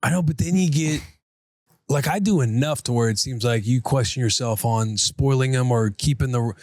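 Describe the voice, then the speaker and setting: A man's voice: mid-range voice, normal speed, darkish tone, no room sound, studio quality. A man in his thirties, co-hosting a casual podcast, telling a family story openly and acting out the voices in it. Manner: candid storytelling, acts out family dialogue. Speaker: podcast co-host, former pro football player.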